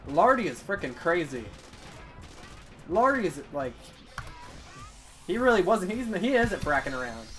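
Young male let's-play host, excitable commentary, somewhat high voice, music under. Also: measured pace, pauses often. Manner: excitable, swears and yelps at the game. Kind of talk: casual gameplay commentary.

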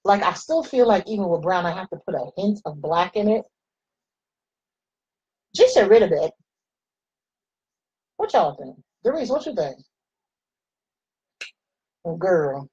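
A woman's voice: lowish voice, sing-song, measured pace, long pauses, dark tone, slightly rough, muffled recording. A woman in her forties chatting playfully with viewers while she does her makeup. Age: 40s. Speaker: makeup vlogger. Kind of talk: casual chat while doing makeup.

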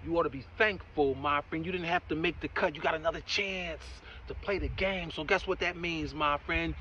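A man giving a motivational talk in a preachy, encouraging way, often saying "my friend" and "right?", and swinging between loud emphatic bursts and quiet asides. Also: a little high, steady tone, normal speed, lo-fi sound, a little hiss or hum. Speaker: motivational speaker.

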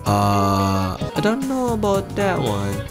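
A man hosting a game playthrough, talking casually and reading the on-screen lines aloud. His delivery is joking and slangy, with a lively, bouncing pitch. Game music plays clearly under his voice. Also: slow pace. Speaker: gaming channel host. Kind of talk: let's play commentary reading subtitles aloud.

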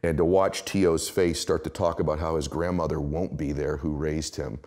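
Deep-voiced man telling motivational stories. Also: moderate pace. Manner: emphatic, animated storytelling. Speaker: guest. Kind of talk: motivational interview talk.

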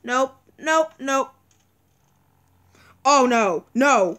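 A woman's voice: sits high, sing-song, very slow, fairly bright tone. A young woman commenting on a video game as she plays, anxious and pleading, often repeating words and crying out. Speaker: gaming video creator. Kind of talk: let's-play commentary.

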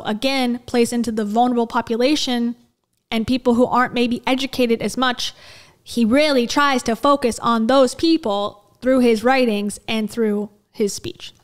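A woman hosting a casual commentary video, talking in a wry, sarcastic, chatty way with plenty of fillers. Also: on the high side.

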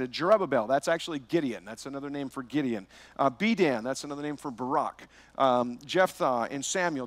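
A man's voice: fairly high pitch, no room sound. A man preaching a verse-by-verse sermon as pastor, telling a personal story with rhetorical questions.

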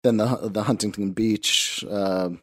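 A man's voice: fairly low pitch, fairly even intonation, measured pace. A man co-hosting a casual podcast discussion, rambling with lots of fillers and swearing. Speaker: podcast co-host.

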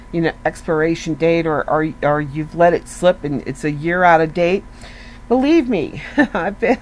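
A woman's voice: medium pitch, a little mellow, a little hiss or hum, rough recording. Earnest woman giving a chatty devotional. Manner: conversational, earnest, peppered with "you know" and rhetorical questions. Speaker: devotional speaker. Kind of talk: casual devotional talk.

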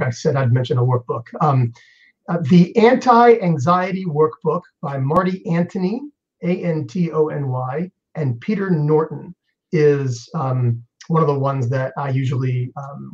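A man's voice: fairly high pitch, a little mellow. A male psychologist speaking on an online panel, thoughtful and hesitant with frequent restarts. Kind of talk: online panel answering questions. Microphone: video call. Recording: dull lo-fi video call audio.

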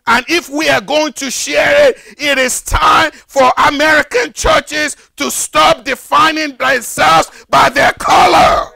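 Older man, pastor, slow deliberate delivery, very gravelly voice, fervent shouted sermon. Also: very high-pitched, fairly even intonation, dry recording, clean studio sound. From Nigeria. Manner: fervent preaching, rises to shouted emphasis and repetition.

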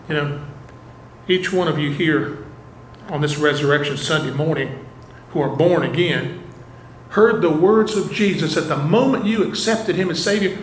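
Male pastor, fairly high voice, earnest sermon delivery, roomy church echo. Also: animated, moderate pace, a little hiss or hum. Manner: asks the congregation rhetorical questions, earnest. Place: church sanctuary. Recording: echoey church room, faint ambience.

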